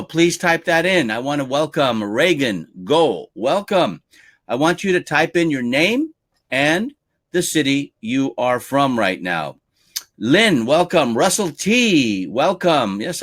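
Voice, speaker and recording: A man's voice: fairly high pitch, fairly bright tone. A male lead trainer hosting a live-stream webinar, upbeat as he reads out viewer names one by one and welcomes them.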